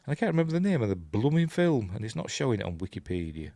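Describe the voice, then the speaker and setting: A man's voice: medium pitch, big pitch swings, very fast, mellow, no echo. A man with a Yorkshire accent giving a casual, rambling film commentary, chatty and self-deprecating, muttering asides to himself. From Yorkshire, England. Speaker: film reviewer.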